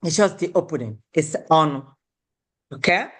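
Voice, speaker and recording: A woman's voice: sits low, expressive, normal speed, slightly rough. A woman teaching a beginner language class, patiently repeating each word and breaking words into syllables.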